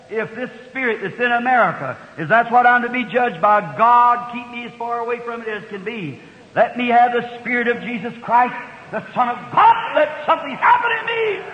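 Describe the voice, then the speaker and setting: High-voiced fervent preacher in an echoing hall. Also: male voice. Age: 50s. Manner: fervent, folksy storytelling with sudden loud outbursts. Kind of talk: sermon. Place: large church hall. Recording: dull old recording in a reverberant hall.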